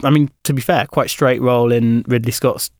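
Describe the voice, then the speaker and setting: A man's voice: mid-range voice, steady tone, moderate pace, darkish tone, dry recording, studio quality. A man, a comedian and actor, chatting as a radio guest, rambling and hesitant with many fillers. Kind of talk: casual interview chat.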